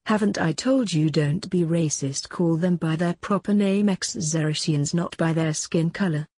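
A woman reading a story aloud, voicing a stern grown man who is a secret agent and a father, in a husky, matter-of-fact way. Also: lowish voice, unhurried, mellow, no echo, clean studio sound.

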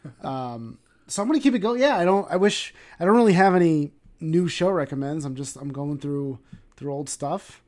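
A man in casual chat as a podcast co-host, laid-back with quick reactions. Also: a little high, animated, darkish tone. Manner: laid-back, short reactions, laughs easily.

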